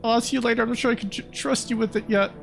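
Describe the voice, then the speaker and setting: A man voicing a timid young man in a game who asks to be let in, reading the lines in a soft, pleading voice. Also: very high voice, steady tone, racing, creaky, faint music behind, heavily acted. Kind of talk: reading game dialogue aloud.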